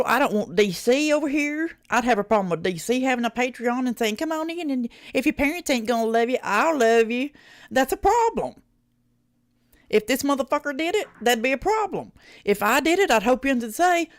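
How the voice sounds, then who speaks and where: Swearing Southern woman, lively folksy streamer. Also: a little high, dry recording, clean studio sound. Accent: rural Southern US. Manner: folksy, blunt, swears freely, laughs often. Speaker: streamer reacting with chat. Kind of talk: casual live reaction stream.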